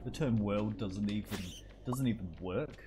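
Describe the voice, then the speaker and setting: A man's voice: on the low side, measured pace, noisy background. A young man streaming a game, casually joking and teasing his live chat, laughing often.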